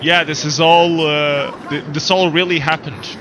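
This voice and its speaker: A man hosting a casual livestream chat, relaxed and chatty, often laughing. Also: a little high, measured pace, background noise. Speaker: livestream host.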